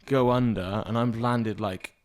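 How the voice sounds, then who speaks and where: A man's voice: mid-range voice, steady tone, a little slow. A young man co-hosting a podcast, telling a rambling family story with acted-out quotes. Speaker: podcast co-host. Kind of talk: casual storytelling chat.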